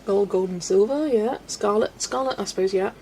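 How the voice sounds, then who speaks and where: A colouring livestream host speaks in a mellow, medium-pitched voice at a normal speed. She casually chats with viewers, reads their live comments and often laughs, with faint noise in the background.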